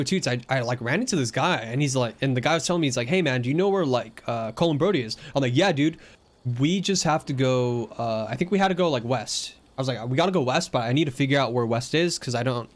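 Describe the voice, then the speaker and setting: A young man recounts a game session in a loose, casual way, piling on fillers and restarts. His voice sits at an ordinary middle pitch, and he jumps into other people's voices as he quotes them. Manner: rambling, filler-heavy, animated quoting of others. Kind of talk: casual storytelling.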